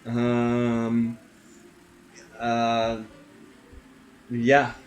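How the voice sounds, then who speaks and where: A man narrating as game master of a tabletop role-playing game, relaxed and halting with many fillers. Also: mid-range voice, a little hiss or hum.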